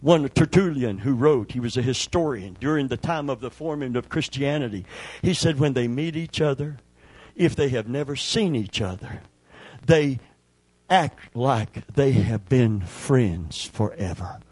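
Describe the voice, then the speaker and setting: Husky older man preaching emphatically. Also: medium pitch, animated, unhurried, darkish tone, no echo. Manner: emphatic preaching with call-and-response. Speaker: pastor. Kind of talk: sermon.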